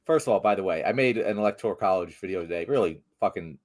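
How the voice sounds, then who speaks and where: A man in casual political chat with a co-host, animated and sarcastic, swearing often. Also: low voice, fast. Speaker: political commentator.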